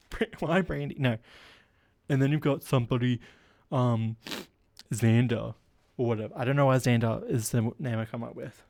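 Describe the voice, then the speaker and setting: A man's voice: medium pitch, normal speed, gravelly, pauses often, darkish tone, no room sound, clean studio sound. A man hosting a solo comedy podcast, rambling and self-deprecating with lots of fillers and a stuffy nose. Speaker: podcast host.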